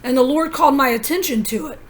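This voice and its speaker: A woman's voice: sits high, quick pace. A woman vlogging in a rambling personal monologue, telling her story in an urgent, conspiratorial way with many asides.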